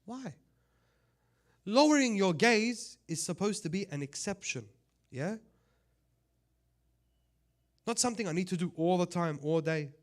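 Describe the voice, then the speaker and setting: A man who is a sheikh giving a conversational sermon, swinging between loud impassioned appeals and quiet asides. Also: high voice, animated, normal speed, pauses often. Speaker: sheikh giving a religious talk.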